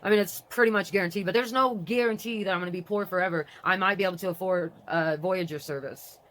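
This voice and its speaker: An adult vlogger with a grown daughter, talking casually and reading aloud from a website. The talk rambles, interrupts itself, and swings between excitement and mourning. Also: mid-range voice, fast. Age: adult with a grown child.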